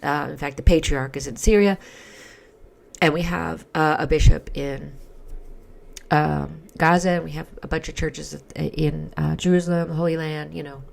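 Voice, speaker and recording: Hoarse lady w/ a low gravelly voice, slow halting chat about faith. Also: steady tone. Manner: halting, many fillers and restarts. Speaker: Orthodox Christian commentary vlogger. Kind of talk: casual spoken commentary.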